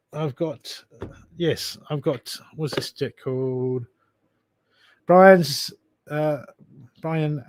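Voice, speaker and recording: Brief: a male livestream card reader, a bit higher-pitched, familiar and chatty, dry close mic. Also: darkish tone, no echo. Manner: chatty, calls viewers darling and mate. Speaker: live tarot card reader. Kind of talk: casual livestream chat.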